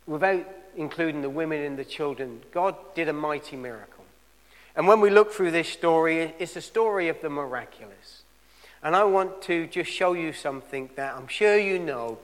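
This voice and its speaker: A male preacher delivering a sermon in a church, swinging between loud emphatic peaks and quiet asides. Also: a little high, big-room sound.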